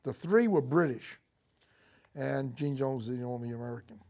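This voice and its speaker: An older man, a Marine veteran, recounting his memories in a TV interview, speaking haltingly with frequent fillers and restarts. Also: mid-range voice, dark tone. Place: local TV studio.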